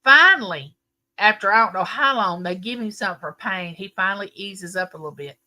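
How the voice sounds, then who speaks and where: A middle-aged woman hosting a livestream tells her audience a long family story in a casual way. Her mid-range voice moves briskly, and she narrates with animated emphasis.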